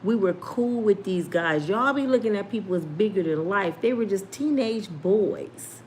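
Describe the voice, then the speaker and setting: A woman in her fifties telling a casual story, animated and laughing often as she acts out the people in it. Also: medium pitch, moderate pace, a little hiss or hum. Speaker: storyteller host.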